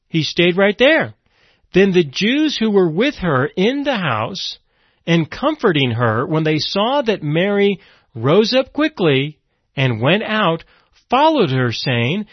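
During an expository sermon, a slightly high-voiced man reads scripture and explains it. He gets dramatic when he voices the people in the story, including the grieving sisters' accusations. The recording is dry and dull lo-fi.

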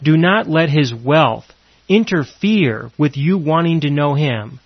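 A man delivers a sermon with earnest emphasis, asking question after question and repeating his key lines. His voice sits a little high. The recording is dry and close, with a muffled, lo-fi tone. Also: animated, slow pace, no room sound. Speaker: preacher.

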